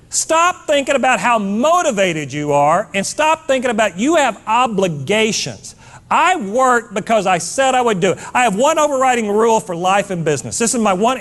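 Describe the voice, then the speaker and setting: Brash guy preaching a keynote, real high voice, swings up and down a lot, blunt and punchy. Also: a bit bright. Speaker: motivational keynote speaker. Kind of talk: fired-up keynote speech to a live audience.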